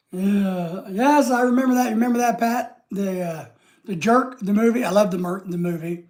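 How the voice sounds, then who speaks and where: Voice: mid-range voice, normal speed, a little mellow. A live-stream host chatting casually with viewers, rambling and trailing off at the ends of thoughts.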